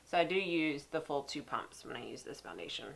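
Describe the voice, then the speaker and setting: A woman's voice: low-pitched, lively intonation, a little fast, vocal fry, fairly bright tone. A woman, stuffy-nosed from a cold, chatting casually to viewers while reviewing makeup. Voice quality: nasal. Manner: chatty, talks straight to viewers. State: stuffy nose from sinus cold. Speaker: makeup artist vlogger. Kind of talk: casual beauty review and demo.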